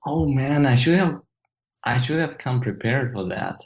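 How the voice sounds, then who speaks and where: A man with a Russian accent, a guest on a podcast, talking casually with halting restarts and dry humor. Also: medium pitch, lively intonation, muffled recording. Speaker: product manager guest.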